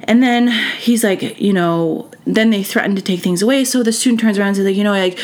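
A woman's voice: mid-range voice, a little fast, hardly any pauses. A woman hosting a podcast, telling a school story in a chatty way, full of fillers, acting out what others said. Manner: chatty, full of "like" and "you know", acts out quoted voices. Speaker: podcast host. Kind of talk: storytelling monologue.

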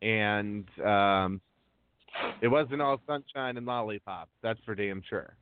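A man's voice: fairly low pitch, slow, clean tone, no echo. A man hosting a wrestling news podcast in casual chat. He reads long lists of names unhurriedly, with many ums. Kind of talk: casual talk show chat. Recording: tinny phone-line audio.

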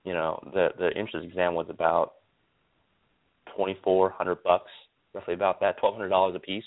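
A man from Stockton, California, a guest optometrist telling stories in an animated way, repeating words and using lots of fillers. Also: sits low, moderate pace. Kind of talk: casual interview storytelling. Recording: tinny phone line.

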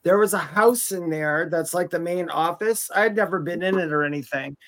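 Middle-aged guy co-hosting, fairly high voice, keeps hunting for words. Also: fairly bright tone. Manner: halting, searches for words. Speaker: co-host, psychic medium. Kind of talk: casual live chat.

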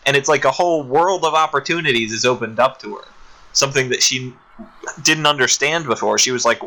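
Man, very bright voice, podcast co-host, casual chat, animated, laughing. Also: medium pitch, a little fast, poor audio. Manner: animated retelling, putting on little voices for characters; laughs often.

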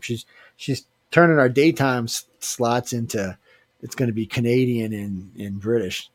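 A man's voice: lowish voice, husky, no room sound. A man hosting a casual radio show, joking and rambling with filler restarts. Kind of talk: casual live radio chat.

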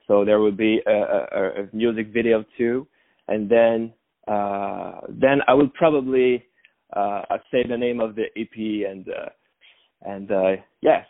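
A man answering interview questions as a guest musician, halting and repeating words as he goes. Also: on the low side. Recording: phone-like line.

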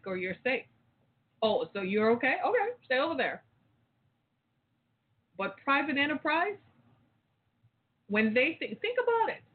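Emphatic ranting caller on a tinny phone line. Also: medium pitch. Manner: emphatic, rambling, repeats phrases, rhetorical questions. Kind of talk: impassioned talk-show rant.

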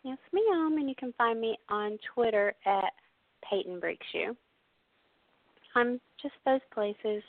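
A woman's voice: on the high side, animated, slow pace, dry recording. A chatty Southern woman who laughs easily, a contestant on a radio game show. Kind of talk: casual radio chat. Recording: tinny phone line, dry.

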